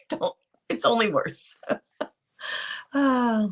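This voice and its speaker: A woman's voice: a little high, expressive, takes it slowly, long pauses. A woman hosting a casual live reaction stream, talking unscripted with many ums and greeting viewers in the chat. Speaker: livestream host.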